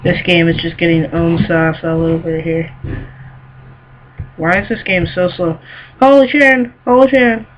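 A man giving excitable let's play commentary, scolding himself and shouting exclamations as he plays. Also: fairly high pitch, measured pace, pauses often. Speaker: gamer. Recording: dull lo-fi recording with faint noise.

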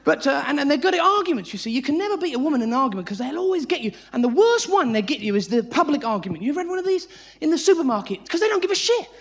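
A man doing live stand-up comedy on a theatre stage, talking in a frantic, high-energy way, swearing and acting out voices. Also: sing-song, racing. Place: theatre stage before a laughing audience. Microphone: stage mic. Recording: live theatre recording with audience noise.

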